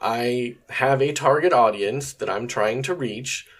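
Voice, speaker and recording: A man hosts a solo podcast in a casual, conversational way. His voice sits at an ordinary middle pitch. He rambles along with plenty of fillers and the occasional curse. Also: unhurried. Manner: conversational, rambling, frequent fillers and mild swearing. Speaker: podcast host.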